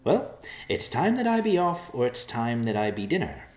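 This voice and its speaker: A man's voice: mid-range voice, big pitch swings, moderate pace, a little mellow, pitched above the performer's own voice, natural voice. A man voicing a small, smug male white mouse who talks down to everyone sarcastically. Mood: indignant. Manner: sarcastic, superior, indignant. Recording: roomy echo.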